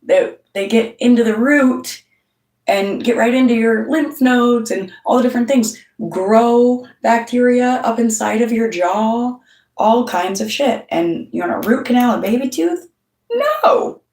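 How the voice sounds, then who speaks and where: A woman's voice: fairly high pitch, a little slow, a little mellow, recorded from a distance. A middle-aged woman, the channel's host, telling a story straight to camera in a blunt way, swearing often and quoting other people. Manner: blunt, heavy swearing, storytelling with quoted voices. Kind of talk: casual monologue to camera. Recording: roomy sound, voice off-mic.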